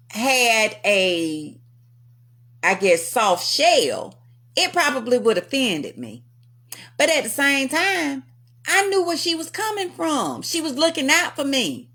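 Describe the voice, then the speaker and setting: Woman, vlog host, casual storytelling, laughing, very lively pitch. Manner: animated, laughs often, talks to viewers.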